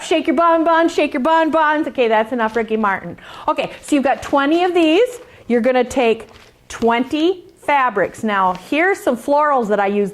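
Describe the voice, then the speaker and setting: A woman who designs quilt patterns, giving a chatty hands-on craft demonstration, sassy and joking and playfully boastful. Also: high voice.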